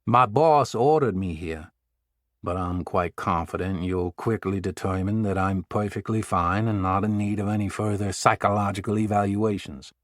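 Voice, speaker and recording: A man's voice: fairly low pitch, moderate pace, dry recording, clean studio sound, lightly acted. A man voicing a wry, confident male Secret Service agent in an audiobook.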